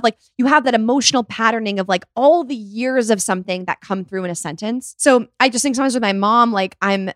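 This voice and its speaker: A woman's voice: a little high, expressive, a little fast, hardly any pauses, a bit bright, dry recording. Young woman, chatty, filler-heavy, casual co-host, dry close mic. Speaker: podcast co-host. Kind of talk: casual chat.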